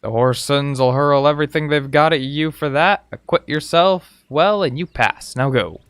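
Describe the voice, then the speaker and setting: A man reading out a gruff, harsh male Marine drill sergeant from a video game, barking insulting commands. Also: a little high, moderate pace, a bit bright, dry recording, lightly acted. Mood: stern.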